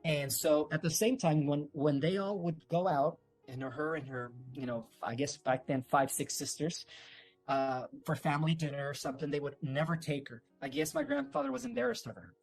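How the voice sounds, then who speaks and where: A man's voice: a little high, animated, normal speed, creaky, faint music behind. A man, a guest on an interview, telling a long family story in a loose, rambling way with many fillers and restarts. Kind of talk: casual storytelling.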